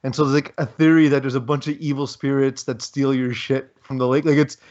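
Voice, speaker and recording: A man co-hosting a casual sports podcast, rambling through his thoughts with plenty of ums and wry little asides. His voice sits at an ordinary middle pitch. The audio is a bit dull and lo-fi. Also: flat delivery, brisk, a little mellow. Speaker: podcast co-host. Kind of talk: casual chat.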